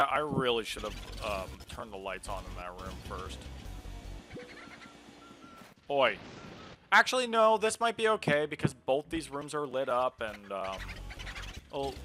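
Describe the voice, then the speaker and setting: A man's voice: medium pitch, a little slow, long pauses, soft background music. A man streaming a video game, chatting casually and poking fun at his own play. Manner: relaxed, self-mocking, chatty. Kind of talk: casual gameplay commentary.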